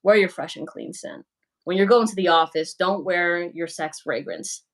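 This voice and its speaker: A woman's voice: on the low side, moderate pace. A young woman hosting a livestream, talking casually and frankly as she answers viewers' comments, with plenty of "like" and "you know". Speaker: livestream host.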